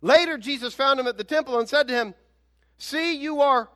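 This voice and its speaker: A man preaches a sermon in a strikingly high voice. He keeps it conversational and animated, pushing his points home with emphatic rhetorical questions. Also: normal speed. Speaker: pastor.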